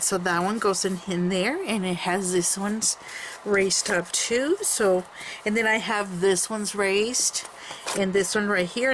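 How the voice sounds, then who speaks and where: A woman chats about her handmade album in a loose, rambling way, full of fillers and restarts. Her voice sits at an everyday middle pitch. A faint room noise runs under the camera mic. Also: a bit bright, poor audio. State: coughing from allergies. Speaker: crafter showing a handmade album. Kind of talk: casual show-and-tell.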